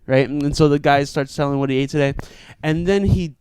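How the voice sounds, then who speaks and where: Heard first is a young man's voice, a bit higher than most, smooth and clean, as he spins a wild story and acts out the shouting. It sounds close-miked and dry, with no room around it. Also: a little fast, few pauses, no echo. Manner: animated, acts out shouted quotes. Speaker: comedian and show organizer. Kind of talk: casual storytelling.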